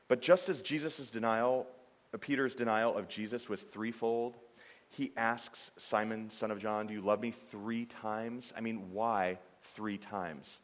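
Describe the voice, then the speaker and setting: A man preaching a sermon, animated and conversational, with frequent restarts and "I mean" fillers. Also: on the low side, measured pace. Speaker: pastor. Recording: long hall reverb.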